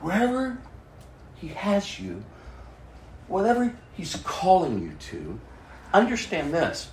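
A man with a fairly high voice preaches with lively swings in pitch, laughing and acting out little quoted exchanges. His voice rings in an echoey room with faint background ambience. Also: takes it slowly, slight background noise. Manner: animated, laughing, quoting himself in shifting voices. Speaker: pastor. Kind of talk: sermon.

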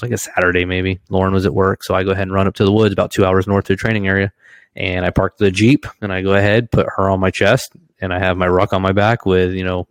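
A lively storyteller with a lowish voice, this man co-hosts a casual podcast and curses freely as he talks. The sound is dry and close, with no room around him. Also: no echo. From Washington state, US. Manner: animated storyteller, swears freely, laughs through his stories. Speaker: podcast co-host.

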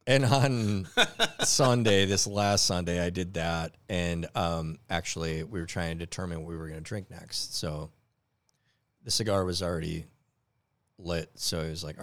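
Male podcast co-host, deep voice, animated storyteller, laughs a lot, dry close sound. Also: moderate pace, dry recording. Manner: laughs often, tells stories animatedly. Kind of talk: casual chat. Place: home garage.

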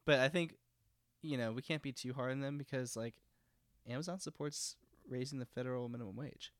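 A man's voice: mid-range voice, fairly quick, dry recording, clean studio sound. Profane, rambling podcast guy from Texas. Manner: rambling, profane, lots of fillers. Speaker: podcast co-host. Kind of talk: casual political chat.

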